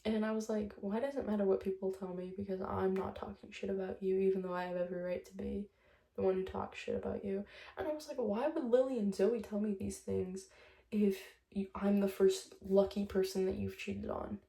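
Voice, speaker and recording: A woman's voice: medium pitch, fairly even intonation, brisk, vocal fry, warm tone, roomy sound. A young woman vlogger telling a breakup story in a chatty, casual monologue, swearing often and retelling conversations line by line.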